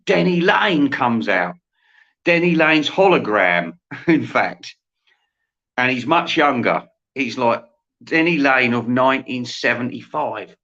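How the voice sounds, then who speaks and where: A man's voice: mid-range voice, a bit bright. A man host rambling through a satirical comic monologue, laughing at his own jokes. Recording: dull lo-fi sound.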